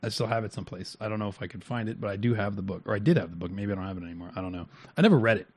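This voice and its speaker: A man co-hosting a casual talk show, candid and trailing off softly at the ends of thoughts. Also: lowish voice, racing, dry recording. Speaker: podcast co-host. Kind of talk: casual chat reacting to a clip.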